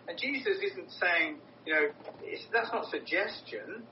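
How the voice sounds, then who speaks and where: A man's voice: lively intonation, a little slow. A man preaching a sermon in an earnest, emphatic way, often repeating words for stress. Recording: roomy, distant, dull with low rumble.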